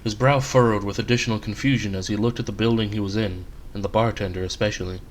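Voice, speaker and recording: A man reading aloud his own short story, in a relaxed, conversational storytelling manner. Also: on the low side, fast talker, a little hiss or hum.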